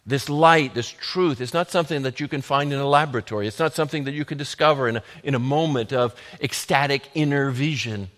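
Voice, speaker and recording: A man preaching a sermon, building from quiet, measured lines to loud, emphatic declarations. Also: mid-range voice. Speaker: pastor. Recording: long hall reverb.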